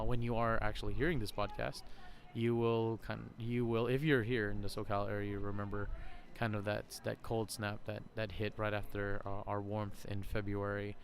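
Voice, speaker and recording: A man's voice: on the low side, slight background noise. A man hosting a podcast, talking casually and rambling at an outdoor shopping center, laughing often. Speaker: podcast host. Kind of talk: casual vlog monologue. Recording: faint crowd ambience outdoors.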